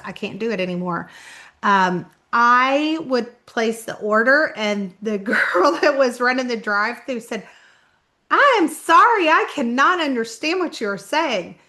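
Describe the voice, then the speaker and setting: A woman's voice: fairly high pitch, pushed and bright. A middle-aged woman with a slight Southern Indiana twang, chatting casually to camera as an author introducing her channel. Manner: chatty, self-conscious, laughs often. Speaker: author vlogger.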